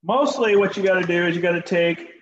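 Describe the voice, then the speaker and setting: Guy teaching shop class, jokey and folksy, kinda high voice, roomy echo. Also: fast talker, lo-fi sound. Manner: folksy, joking, talks to students directly. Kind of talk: classroom demonstration. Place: school workshop.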